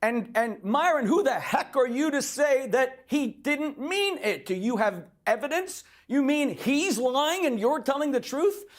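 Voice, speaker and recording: Middle-aged man, impassioned debate guest, insistent and forceful. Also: very high-pitched, expressive, unhurried, hardly any pauses. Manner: emphatic, repeatedly demands to respond. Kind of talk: heated debate.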